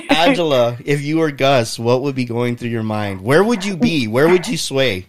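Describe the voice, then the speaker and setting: A man's voice: medium pitch, sing-song, measured pace. A man hosting a podcast, leading the talk with loose questions, casual swearing and easy laughter. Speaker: podcast host.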